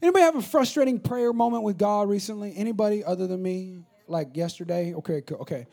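A man preaching a sermon to a congregation, telling funny stories and acting out voices in an animated way. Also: sits high, quick pace, vocal fry. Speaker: pastor. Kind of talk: sermon with storytelling.

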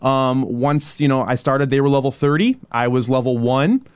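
A man's voice: mid-range voice, normal speed, clean tone, no echo. A man casually recounting how a game session went. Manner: relaxed storytelling about a game. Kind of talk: casual chat.

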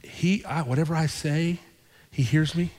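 A male pastor telling a story in his sermon, conversational and animated, repeating his phrases for effect. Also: on the high side, moderate pace, big-room sound. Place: church sanctuary.

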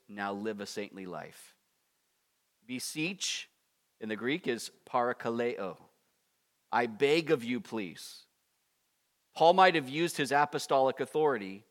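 A man preaching a conversational expository sermon, with animated asides and acted-out prayers. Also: medium pitch. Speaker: pastor.

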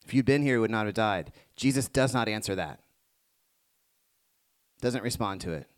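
A man preaching a sermon to a congregation, moving between hushed reflective passages and rising emphatic ones. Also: lowish voice, animated, normal speed. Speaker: pastor.

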